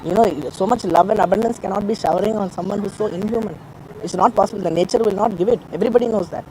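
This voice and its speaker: Guy at a press meet, earnest and emotional, talks fast, repeats himself a lot. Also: high-pitched, a little mellow, slight background noise, low-quality recording. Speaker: film actor at a press meet. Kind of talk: press conference statement.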